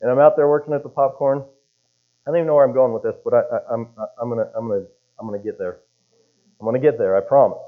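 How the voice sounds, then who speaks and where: A man's voice: medium pitch, steady tone, fast talker. A male pastor giving a casual, conversational sermon and wandering into rambling stories with asides. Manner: chatty, rambling storyteller with asides. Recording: tinny phone-like sound.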